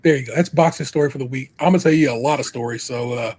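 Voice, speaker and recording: A man's voice: mid-range voice, fast talker, darkish tone, husky. A middle-aged man with an Ohio accent, co-hosting a podcast, telling a long story in casual chat. He laughs often and acts out what people said. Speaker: podcast co-host.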